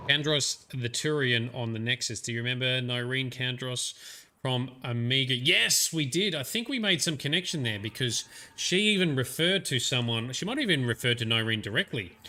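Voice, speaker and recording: A man's voice: mid-range voice, bright, forceful tone. A man with an Australian accent giving chatty, laughing commentary over a game livestream. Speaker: streamer. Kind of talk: let's play commentary.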